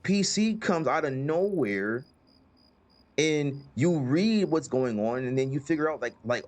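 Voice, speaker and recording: A man's voice: on the high side, very animated, brisk. A man hosting a casual gaming chat who rambles, repeats words and leans on fillers. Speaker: host.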